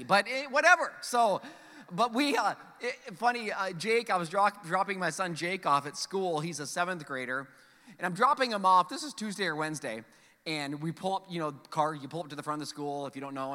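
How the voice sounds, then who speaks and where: A man in his forties preaching a sermon to his congregation, animated and joking, acting out the voices in his stories. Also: high-pitched. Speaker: pastor. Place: church sanctuary. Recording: long hall reverb from church sanctuary.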